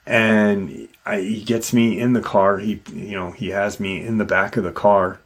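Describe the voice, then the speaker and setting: Slow, low-voiced man retelling a story. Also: flat delivery, fairly bright tone. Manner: halting, with many restarts and fillers. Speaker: host retelling an encounter. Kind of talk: casual storytelling.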